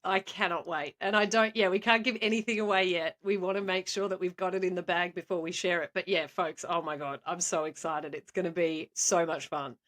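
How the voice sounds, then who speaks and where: A young woman, a schoolteacher and podcast co-host, telling animated stories in casual chat and laughing often. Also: on the low side, fairly quick, hardly any pauses.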